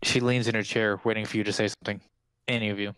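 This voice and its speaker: A man's voice: fairly low pitch, level tone, fast talker, a bit bright, smooth, no echo. Guy running a tabletop game, loose narration w lots of uhs, dry close sound. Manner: casual, filler-heavy narration. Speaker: game master.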